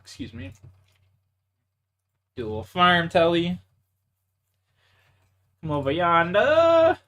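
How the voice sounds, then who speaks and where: A man's voice: high-pitched, wildly swooping pitch, slow, a bit bright. A young man from Canada, streaming a game live, chatting casually with viewers, laughing often, swearing and mocking himself, muttering to himself as he plays. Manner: laughs a lot, swears, self-mocking, calls viewers bro and dude; mutters to himself while playing. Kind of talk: casual live-stream chat while gaming.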